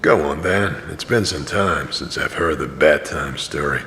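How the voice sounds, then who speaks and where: A man's voice: extremely low pitch, pushed and bright, slight background noise, heavily acted. A man narrating an audio drama as a tired, cynical wandering pilgrim. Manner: dry, tired, slow narration. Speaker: narrator and main character.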